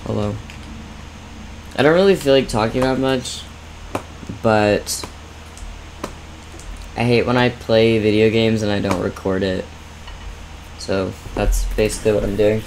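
A young man streaming a video game, reacting with excited exclamations and swearing in casual chatter. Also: lowish voice, unhurried, creaky, pauses often, a little hiss or hum.

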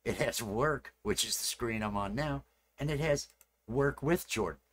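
A man's voice: mid-range voice, measured pace, fairly bright tone. A man chatting casually with viewers during a live stream. He rambles and repeats his phrases as he works, and he.

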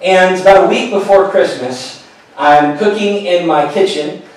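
A middle-aged pastor telling a personal story in a sermon, earnest and storytelling, often falling to a hushed voice. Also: male voice, high-pitched, a little slow. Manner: earnest storytelling, drops to a hushed voice at tender moments. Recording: echoey hall, mic at a distance.

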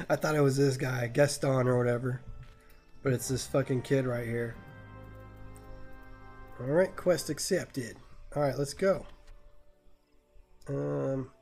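A man's voice: mid-range voice, slow pace, pauses often, darkish tone, faint music behind. Crude joking male game streamer. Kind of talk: live gameplay commentary.

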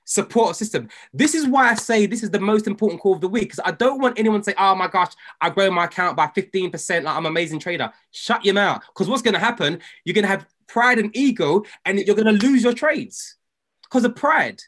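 A man coaching a group on a video call, emphatic and preachy, his voice swinging from loud exhortation to hushed intensity. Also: high voice, lively intonation, fairly quick.

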